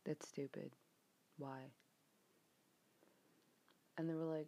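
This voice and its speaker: A young American woman ranting in a frustrated, exasperated way, swearing often, her voice getting a bit hoarse. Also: deep voice, steady tone, moderate pace, long pauses, warm tone. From United States. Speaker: vlogger. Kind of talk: rant vlog.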